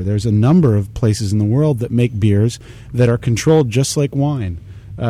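Male host, warm mellow tone, knowledgeable and chatty about beer, loose and rambling. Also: medium pitch. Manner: knowledgeable, explanatory, rambling with fillers. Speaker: beer tasting show host. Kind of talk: casual beer tasting chat.

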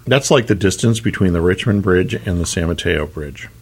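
A man co-hosting a casual chat who tells jokes and throws in quick wisecracks. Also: low voice, lively intonation, slightly rough. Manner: playful joke-teller, quick wisecracks. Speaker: co-host.

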